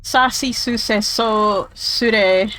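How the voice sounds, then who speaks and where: Chatty higher-voiced woman rambling over gameplay. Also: fairly even intonation, drawn-out words, a bit bright, dry recording, low-quality recording. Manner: rambling, chatty, full of tangents and fillers; opinionated, swears casually. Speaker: game streamer. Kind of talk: casual gameplay commentary.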